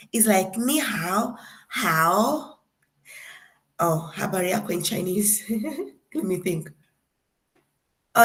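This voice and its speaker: A woman's voice: mid-range voice, fairly bright tone. Young woman teaching greetings in class. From Tanzania. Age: young adult. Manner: slow, deliberate drilling of words, playful and chatty. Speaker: guest lecturer.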